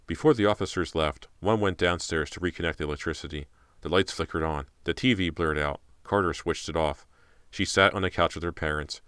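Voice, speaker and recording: A man's voice: low voice, a little fast, a bit bright, clean tone, no room sound, studio quality. A man narrating an audiobook in a tense, dramatic way. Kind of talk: scripted narration.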